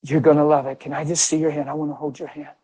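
A middle-aged preacher from Pennsylvania with a somewhat high voice, telling stories in a loose, conversational sermon. He leans hard on his points and keeps asking the crowd questions, then answering them himself. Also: level tone, fast, dark tone, husky, rough recording. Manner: emphatic, asks rhetorical questions and answers them.

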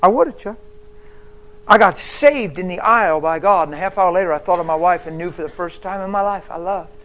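A man preaching a sermon as personal testimony, telling his story emphatically and swinging between hushed and loud. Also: high voice, fairly quick.

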